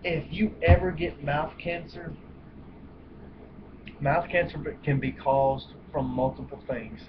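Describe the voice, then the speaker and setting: A man's voice: a little high, slow. A man ranting in a casual vlog, blunt and profane, rambling and cutting himself off. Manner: blunt and profane, emphatic outbursts; rambling, self-interrupting. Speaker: vlogger. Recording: dull lo-fi home recording with steady hiss.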